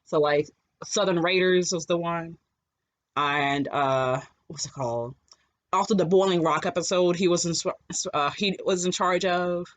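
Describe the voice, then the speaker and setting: A podcast co-host chats casually at a middle pitch. The delivery is animated and rambling, full of fillers and quick laughs. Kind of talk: casual chat.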